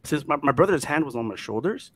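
A man telling a ghost story in casual chat, animated and dropping to hushed tones at the scary parts. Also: mid-range voice, fast talker, breathy edge, no room sound. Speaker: guest storyteller.

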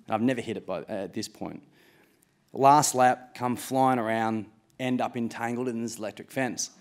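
An Australian man in his late twenties tells a true story live on stage, casual and self-mocking. He swears freely and laughs at his own mishaps, his voice at a middle pitch for a man. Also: steady tone, moderate pace.

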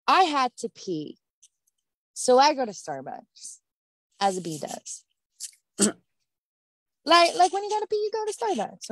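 A woman's voice: mid-range voice, no room sound. A woman performing a stand-up comedy set online, telling stories in a brash, profane and exasperated way. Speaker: stand-up comic. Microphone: video call.

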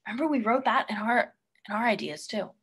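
A woman teacher leads a read-aloud lesson for young students. Her pitch moves in lively, animated swings. She keeps stopping to ask them gentle, coaxing questions. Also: a little fast, husky.

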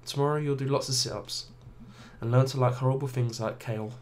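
A man's voice: mid-range voice, steady tone, brisk, a little mellow, a little hiss or hum, natural voice. A man voicing an anxious, self-deprecating young adult female cat, a college dropout, over game music.

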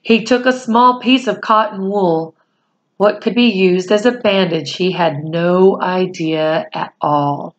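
A woman's voice: lowish voice, takes it slowly, muffled recording. A woman reading a children's novel aloud, who corrects small slips and stops to explain words. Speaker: storyteller.

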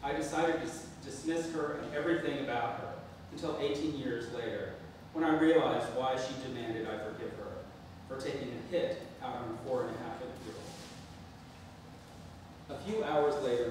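A man reading a memoir piece aloud at a spoken-word event in an art gallery, with a dry, deadpan storytelling manner. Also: medium pitch, fairly quick. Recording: echoey hall, far mic, noisy.

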